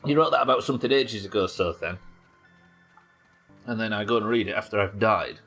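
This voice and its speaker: A man from the UK streaming a survival game live, yelling at the game, swearing, and reading out chat messages. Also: on the low side, fairly quick, faint music behind. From United Kingdom. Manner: excitable, swears a lot, yells at the game.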